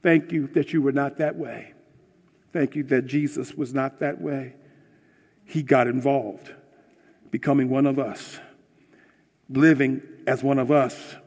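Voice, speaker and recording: A man preaching a passionate sermon, swinging from hushed words to shouting, and ending in prayer. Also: mid-range voice, breathy edge. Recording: long hall reverb.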